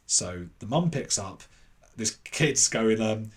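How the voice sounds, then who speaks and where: A man with an English accent telling a long anecdote as a podcast guest, animated and acting out the voices of other people. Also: lowish voice, normal speed. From England. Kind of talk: casual anecdote in an interview.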